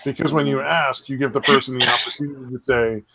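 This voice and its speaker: A man's voice: mid-range voice, steady tone, fast talker, gravelly, background noise. A man chatting on a podcast in a laid-back, agreeable way. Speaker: podcast co-host. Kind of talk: casual chat. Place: recording studio.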